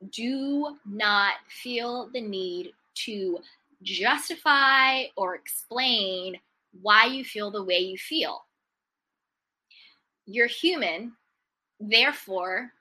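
Bright emphatic woman giving a pep talk. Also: medium pitch, rough recording. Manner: emphatic, repetitive affirmations; swings between loud stresses and soft trailing phrases. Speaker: self-help speaker. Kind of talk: motivational talk.

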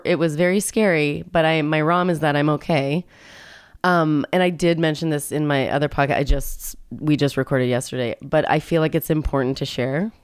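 A woman's voice: sits low, clear, resonant tone, no room sound, studio quality. A middle-aged woman co-hosting a podcast in casual chat, talking in an emotional, chatty way with frequent restarts. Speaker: podcast co-host.

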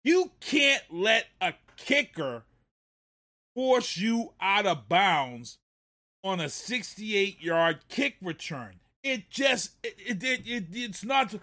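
A man's voice: high voice, sing-song, slow pace, pushed and bright. A man hosting a sports talk show, ranting in a heated way about a football play and repeating himself. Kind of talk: casual sports commentary.

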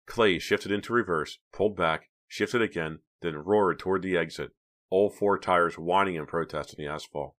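A male audiobook narrator with an extremely deep voice. He tells the story at a steady, even pace in a scripted reading style. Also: normal speed.

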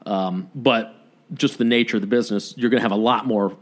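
A man's voice: fairly low pitch, fairly quick. A man co-hosting a podcast, telling stories in casual chat with many fillers. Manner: rambling storyteller, many fillers. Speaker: podcast co-host.

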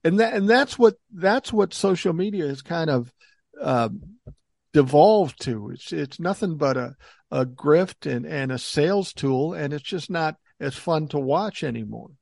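Animated older man hosting a podcast. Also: fairly high pitch, unhurried, vocal fry, dry recording, studio quality. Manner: animated storyteller, acts out quoted voices, swears. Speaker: podcast host. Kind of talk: casual chat.

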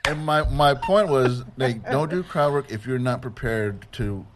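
Guy comic talking it out, trips over his words, keeps restarting, casual. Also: medium pitch. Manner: halting, repeats words while explaining himself. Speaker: stand-up comedian. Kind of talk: casual podcast chat.

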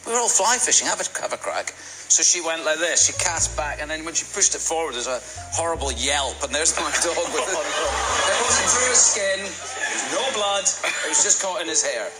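Playful actor telling stories, slightly high. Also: male voice, lively intonation, fairly quick, bright, forceful tone, faint music behind. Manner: anecdotal, playful, self-deprecating. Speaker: actor being interviewed. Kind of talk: casual interview chat.

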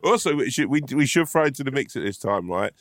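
A man's voice: medium pitch, sing-song, fast, no echo, studio quality. A man, co-hosting a podcast in laid-back casual chat. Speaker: podcast co-host.

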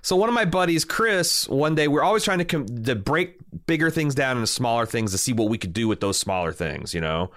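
A man's voice: medium pitch, a little fast, hardly any pauses. A man from Indiana, around his thirties, telling a long story in casual chat, swearing freely and filling with "like" and "you know". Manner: animated storyteller, swears freely, lots of fillers.

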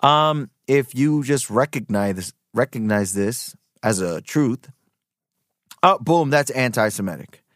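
A man's voice: medium pitch, animated, takes it slowly, no room sound, studio quality. A man hosting a podcast, giving casual, rambling commentary full of fillers. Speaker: podcast host.

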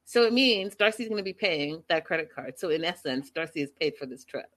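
A woman's voice: sits low, expressive, fairly quick, a bit bright. A woman recapping a reality show episode for her viewers in a casual, gossipy, incredulous way.

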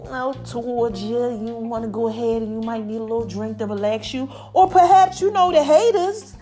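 Brief: high-voiced woman host, chatty monologue, faint music under. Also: mellow. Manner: chatty, drawn-out, affectionate asides. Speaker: podcast host. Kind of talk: casual podcast monologue.

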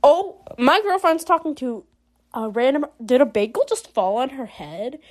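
A woman's voice: sits high, lively intonation, normal speed, darkish tone. A woman playing a story game and chatting through it in a giggly, casual way, reacting aloud to every choice. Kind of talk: casual let's-play commentary.

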